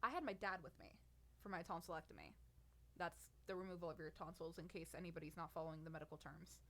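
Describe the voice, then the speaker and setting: A woman's voice: on the low side, fast talker. A nineteen-year-old woman telling a personal story on her podcast, venting in an exasperated, sarcastic way. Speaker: podcast host.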